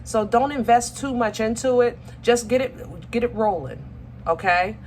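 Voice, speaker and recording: Her voice sits on the high side, a little mellow and measured, with slight background noise. She's a tarot reader chatting warmly with viewers, using y'all and baby, and she frequently stops to find her words, full of ums and false starts.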